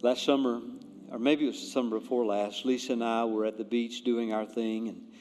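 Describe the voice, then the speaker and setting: A man preaching a sermon as pastor, swinging between loud emphatic appeals and hushed, near-whispered storytelling. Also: mid-range voice, flat delivery, brisk, a little hiss or hum. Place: church sanctuary. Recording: long church-hall reverb, faint music.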